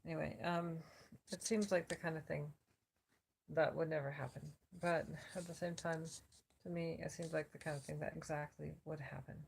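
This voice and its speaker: An exhausted woman vlogging from her cot on a phone camera, her worn-out voice a little slurred as she rambles with many pauses. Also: sits low, steady tone, creaky, a little hiss or hum. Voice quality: slightly slurred. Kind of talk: casual check-in vlog. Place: lying on a cot at home.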